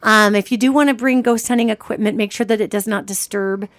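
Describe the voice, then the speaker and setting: A woman hosting a podcast, giving lively, chatty advice in a casual instructive way. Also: mid-range voice, brisk, no echo, clean studio sound. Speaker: podcast host.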